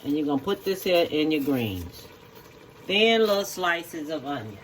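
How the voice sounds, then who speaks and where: Slow-talking home cook. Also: mid-range voice, very animated, slight background noise. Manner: slow, repetitive instructions, checking in with "okay?". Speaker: home cook hosting a cooking video. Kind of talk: cooking demonstration.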